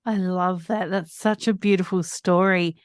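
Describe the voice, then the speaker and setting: A woman's voice: on the low side, fairly even intonation, a little slow, dry recording, clean studio sound. A woman hosting a podcast, asking her guest thoughtful questions with some hesitation. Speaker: podcast host. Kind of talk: interview questions.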